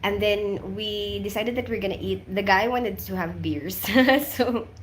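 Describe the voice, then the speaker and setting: A woman's voice: mid-range voice, measured pace, slight background noise. A woman with a mixed Filipino and British accent, chatting casually on a livestream, rambling through stories and laughing often. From Philippines. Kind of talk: casual live-stream chat. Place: abroad in Colombia.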